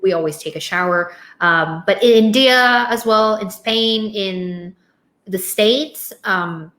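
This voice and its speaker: A woman's voice: medium pitch, slow pace, a bit bright. A woman co-hosting a casual chat, hesitant and often repeating words as she restarts. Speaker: co-host. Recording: roomy echo.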